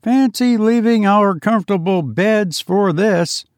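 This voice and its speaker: A man doing a fussy, grumbling gentleman, pitched up. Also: unhurried, no room sound, clean studio sound. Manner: grumbling, wry. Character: fussy comfort-loving man complaining about the outing. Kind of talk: audiobook character voice.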